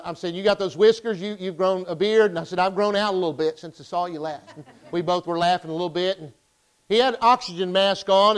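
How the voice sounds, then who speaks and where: A pastor preaches with a fast, driving delivery. His voice is high for a man, and his tone stays smooth and resonant. He tells his story in impassioned, emphatic bursts. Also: poor audio. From Arkansas. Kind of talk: sermon.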